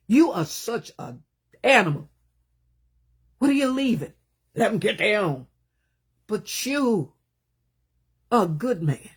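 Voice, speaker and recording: Preaching with fervor, this woman stresses her points, climbing to loud outbursts and then sinking into quiet, low-voiced asides. Her voice has a slight roughness.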